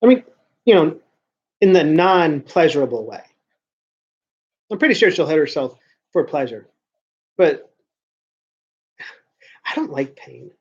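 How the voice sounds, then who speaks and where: A man's voice: fairly high pitch, big pitch swings, slow, pauses often, darkish tone, breathy edge, dull audio. A man talking casually to camera in a rambling vlog monologue, often restarting and repeating words. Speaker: vlogger.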